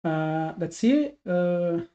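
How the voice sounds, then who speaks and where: In a high-pitched, mellow voice that is animated yet very slow, a man talks to his chat while live-streaming his day trading. He is frustrated and self-critical, thinking aloud with frequent restarts, and the lo-fi recording sounds dull.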